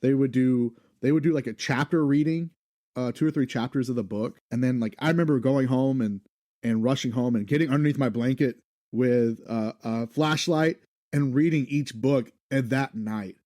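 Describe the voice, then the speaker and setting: A man's voice: mid-range voice, moderate pace, dark tone, dry recording, clean studio sound. A man who is a guest on a podcast, telling stories with eagerness in casual chat. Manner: enthusiastic storyteller.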